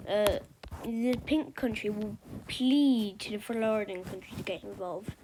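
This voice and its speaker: A woman's voice: medium pitch, steady tone, measured pace. Rambling casual woman, noisy recording. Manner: rambling, filler-heavy, offhand. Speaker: map video creator. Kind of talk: casual commentary over a map.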